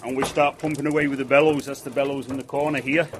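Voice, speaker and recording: A man's voice: medium pitch, level tone, fast talker, noisy background. A man with a Manchester accent telling a folk tale and guiding visitors through a blacksmith forge, in chatty narration. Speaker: storyteller and forge guide. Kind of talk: oral folk storytelling.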